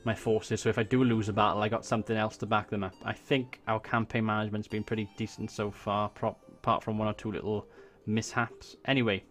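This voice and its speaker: A man's voice: fairly low pitch, flat delivery, brisk, few pauses, fairly bright tone. A Welsh man casually thinking aloud as he commentates a strategy game, swearing when surprised. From Wales. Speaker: gaming YouTuber. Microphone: desk USB microphone.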